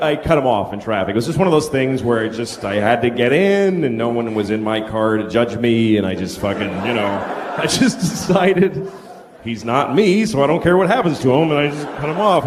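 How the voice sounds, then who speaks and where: A middle-aged man performing stand-up comedy on stage, telling stories in an animated, incredulous way. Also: mid-range voice, fairly quick. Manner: animated, incredulous storytelling with swearing. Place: comedy stage before a live audience. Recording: live stage recording with background noise.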